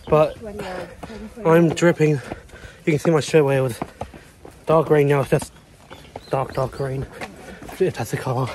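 A man's voice: on the high side, fairly even intonation, unhurried, long pauses, darkish tone, a little hiss or hum. Breathless young man vlogging on a climb. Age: 20s. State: out of breath and sweating. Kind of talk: casual vlog chat to camera. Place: outdoors, climbing long shrine stairways.

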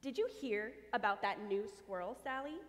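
A woman voicing a gossipy male squirrel neighbor in a read-aloud storybook, hushed and gossiping. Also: on the high side, normal speed, natural voice. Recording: long church reverb.

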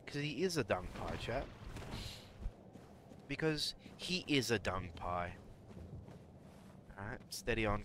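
A man's voice: lowish voice, background noise. A man streaming a game live, chatty and jokey, talking to his chat and taunting enemies. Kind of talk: live gameplay commentary.

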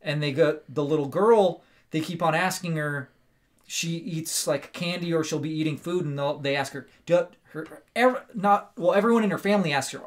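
Fairly high-voiced man, podcast co-host, excitable rambling storyteller, casual chat delivery. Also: moderate pace. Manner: animated, rambling storyteller with many "like" and "right?".

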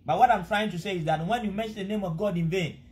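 A man's voice: high voice, fast talker, darkish tone. A man with a Ghanaian accent preaching a sermon, earnest and exhorting, pleading with his listeners. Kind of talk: sermon mixing Twi and English.

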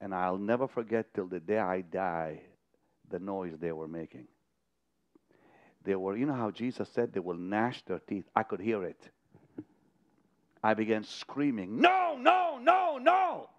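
A man preaching a sermon, telling a vision story with dramatic swings from hushed to loud. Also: sits low, a little slow, long pauses, muffled recording. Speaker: televangelist. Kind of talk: sermon to partners.

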